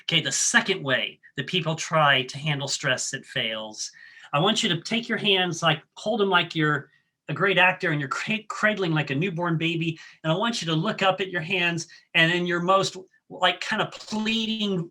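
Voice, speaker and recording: Bright-voiced man coaching a breathing exercise. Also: sits high, normal speed. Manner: coaching, leads the audience step by step; friendly, with frequent ums and restarts. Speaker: workshop presenter. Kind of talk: guided breathing exercise and talk.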